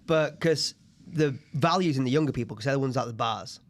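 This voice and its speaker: A man in his thirties from England chats casually as a podcast co-host. His voice sits at an ordinary middle pitch, and he talks in a loose, anecdotal way. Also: a little fast. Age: 30s. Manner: chatty, tells anecdotes, puts on voices in quotes. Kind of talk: casual chat.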